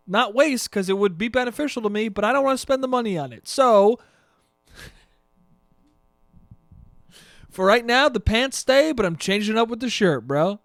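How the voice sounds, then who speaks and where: Profane rambling young man, high voice. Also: animated, unhurried, long pauses, fairly bright tone, no room sound, studio quality, soft background music. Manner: profane, rambling, self-mocking. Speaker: podcast host. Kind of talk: casual solo podcast chat.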